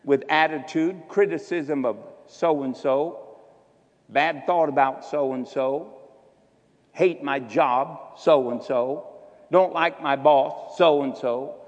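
Through a muffled recording with long hall reverb, a man with a slightly high voice exhorts his congregation in a sermon. He stretches out key words slowly for emphasis, then slips into quick asides.

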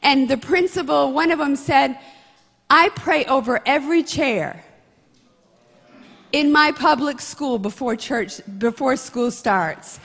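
A woman's voice: high voice, takes it slowly, gravelly, a bit bright, big-room sound. A woman leading a church announcement and prayer, speaking in an earnest, heartfelt way. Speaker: church ministry leader. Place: church sanctuary.

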